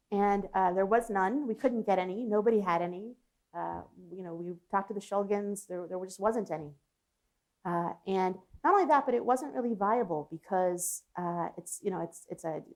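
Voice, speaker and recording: Woman psychologist sharing her story, earnest, thoughtful, mid-pitched. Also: darkish tone. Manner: earnest, reflective, with frequent restarts and laughs. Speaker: psychologist guest. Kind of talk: candid personal storytelling.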